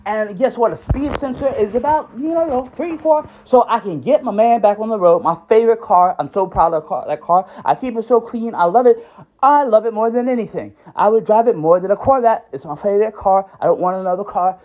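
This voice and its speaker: A man's voice: high voice, fairly quick. A former schoolteacher, a man, rambling angrily on a recorded phone call and often asking "right?". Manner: rambling, agitated, keeps asking "right?" and says "dude". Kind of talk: heated recorded phone rant.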